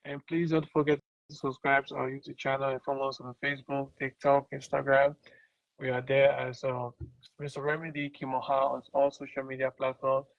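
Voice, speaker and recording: A man's voice: mid-range voice, level tone, fairly quick, dry recording. A man hosting an interview show, upbeat and coaxing his guest along in casual talk. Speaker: host. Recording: dull, muffled sound.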